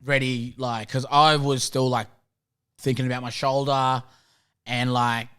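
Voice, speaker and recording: A man's voice: medium pitch, measured pace, smooth. A young Australian man, a rugby league player, chatting as a podcast guest in a loose, laughing storytelling style, acting out quoted conversations. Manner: animated, laughing, acts out quoted dialogue. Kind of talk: casual storytelling chat.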